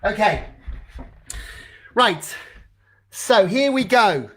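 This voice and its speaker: A man's voice: high voice, lively intonation, extremely slow, a bit bright. Chatty man leading drama club games. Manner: chatty, encouraging, fumbling with setup. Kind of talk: leading a charades game over video call. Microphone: video call.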